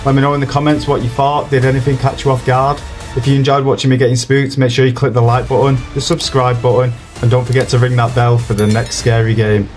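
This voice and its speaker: A man's voice: mid-range voice, little pitch movement, quick pace, darkish tone, soft background music. Jumpy sweary gamer guy. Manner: jumpy, sweary running reactions. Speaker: gaming video host. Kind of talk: horror game playthrough commentary.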